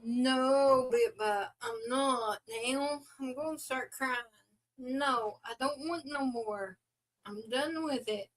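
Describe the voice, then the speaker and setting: A woman's voice: high-pitched, slow, low-quality recording. A woman co-hosting a livestream in casual chat at home, joking and laughing often. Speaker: livestream co-host. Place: indoors at home.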